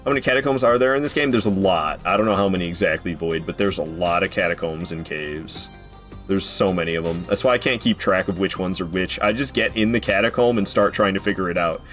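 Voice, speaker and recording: The voice of this game streamer sits low and sounds a bit bright. His casual gameplay chatter drifts around, and between fights he slips into rants laced with profanity.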